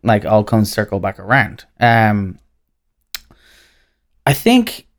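An Irish guest speaking in a relaxed, conversational way, his voice sitting a little low. He fills his sentences with small hesitations and corrects himself mid-thought. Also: takes it slowly. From Ireland. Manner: easygoing, lots of fillers and self-corrections. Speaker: guest, brand representative. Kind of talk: casual conversational interview.

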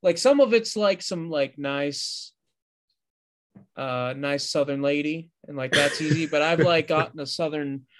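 A man co-hosting a podcast, talking in a loose, rambling way and often correcting himself as he goes. His voice sits a little higher than most men's. The talk is easygoing and conversational. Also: unhurried, a bit bright. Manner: rambling, self-correcting storyteller. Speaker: podcast co-host. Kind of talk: casual podcast chat.

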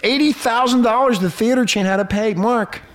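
A man's voice: extremely high pitch, moderate pace, crowd noise. A male radio host ranting with lots of profanity in casual banter.

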